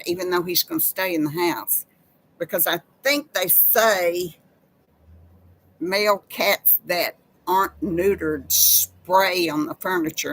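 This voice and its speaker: A woman chats folksily with viewers on a live stream. She takes her time, with an easy, drawn-out pace. Her talk is homey and personal. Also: fairly low pitch, poor audio. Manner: folksy, chatty, addresses viewers as y'all. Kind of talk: casual live chat.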